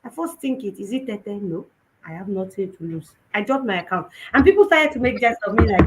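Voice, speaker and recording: A young woman with a Nigerian Yoruba-tinged accent, giving an animated personal testimony at a conference and mixing in Yoruba phrases. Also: high voice, moderate pace, a little hiss or hum, poor audio. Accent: Nigerian, Yoruba-influenced English. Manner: animated storytelling, switching between English and Yoruba. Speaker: conference speaker.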